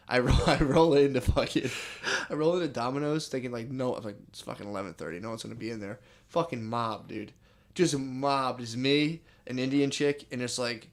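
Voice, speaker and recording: A young man co-hosting a comedy podcast, telling rambling, swear-filled stories and saying dude constantly. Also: medium pitch. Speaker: podcast co-host. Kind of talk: casual comedy podcast chat.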